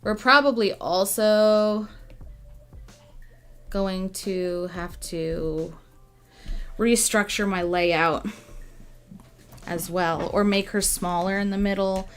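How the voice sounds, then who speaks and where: A young woman chatting casually while she draws on a livestream, musing softly and now and then gushing thanks to viewers. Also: mid-range voice, clear, resonant tone, soft background music. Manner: soft, musing and slow, bursting into excited gushing thanks. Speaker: artist streaming a drawing session.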